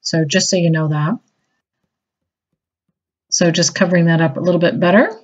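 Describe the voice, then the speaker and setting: A woman's voice: fairly low pitch, fairly even intonation, normal speed. A woman chatting enthusiastically through a casual craft tutorial, a little self-deprecating. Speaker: crafting demonstrator. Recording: slightly dull lo-fi audio.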